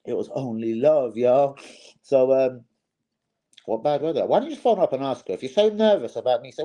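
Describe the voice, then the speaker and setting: A man's voice: mid-range voice, expressive, normal speed, warm tone, dull audio. A young man hosting a casual live stream, swearing freely and calling his viewers "bros".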